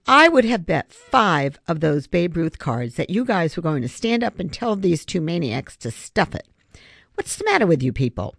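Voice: mid-range voice, very animated, moderate pace, gravelly, fairly bright tone, no room sound, clean studio sound, pitched above the performer's own voice, full character voice. A reader doing Savannah, a sarcastic outraged girl. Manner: sarcastic, indignant. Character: outraged girl protective of her dog. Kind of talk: audiobook character voice.

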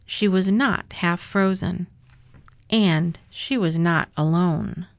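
Woman gently reading a children's story. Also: lowish voice, slow, no room sound. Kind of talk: reading a children's picture book aloud.

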